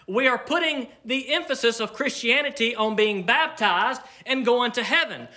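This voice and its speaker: High, bright-voiced male preacher. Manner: emphatic preaching with dramatic slow pauses. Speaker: pastor. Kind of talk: sermon.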